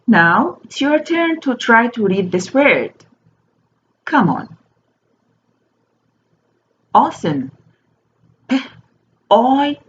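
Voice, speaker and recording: A woman teaching a slow phonics lesson to young children. She spells each word out letter by letter and repeats it. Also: a little high, very animated, fairly bright tone. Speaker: primary school teacher. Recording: dull lo-fi recording with faint noise.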